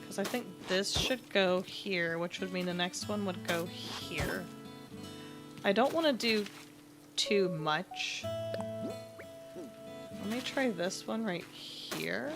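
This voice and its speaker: A woman's voice: medium pitch, slow, gravelly, pauses often, over music. A woman streaming a game, chatting casually with her viewers in a rambling, self-deprecating way. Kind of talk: casual livestream chat while playing.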